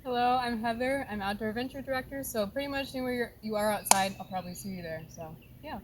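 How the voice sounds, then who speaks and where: A woman's voice: on the high side, fast talker. A young woman on camp staff, casual and trailing off as she introduces herself. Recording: noisy background.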